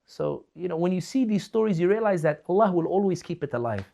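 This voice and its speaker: A man with a slightly higher-than-usual voice gives an impassioned commentary. He builds his points through fervent rhetorical questions and repetition. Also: expressive, fast talker, creaky, dark tone. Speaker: political commentator. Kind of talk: impassioned talk.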